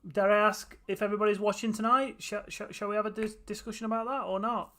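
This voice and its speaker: A man's voice: high voice, steady tone, quick pace, fairly bright tone. A tired man chatting casually to viewers on a live stream, with a runny nose. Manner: tired, chatty, often laughing.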